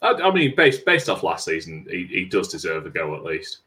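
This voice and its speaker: A man co-hosting a casual football podcast, speaking haltingly with repeated words and dry jokes. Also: deep voice, sing-song, pushed and bright. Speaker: podcast co-host.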